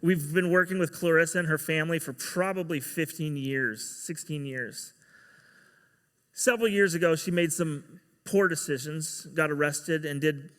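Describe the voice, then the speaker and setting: A man's voice: fairly high pitch, sharp tone, big-room sound. A man giving a sermon as pastor, telling a story and acting out the quoted dialogue.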